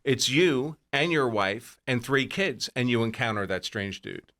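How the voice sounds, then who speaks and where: A man's voice: mid-range voice, animated, measured pace, a bit bright. A man on a podcast panel, arguing his point emphatically in a casual debate. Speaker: panel guest.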